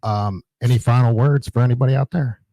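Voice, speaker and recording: A man hosting a casual podcast interview, talking in a warm, affectionate, brotherly way. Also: mid-range voice, fairly quick, gravelly, no echo. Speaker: podcast host.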